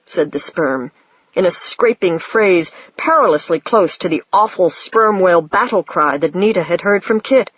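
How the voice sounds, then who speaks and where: An audiobook reader narrating a story in a measured, plain way. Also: medium pitch, expressive, fairly bright tone, husky, dry recording, lo-fi sound. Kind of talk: scripted narration.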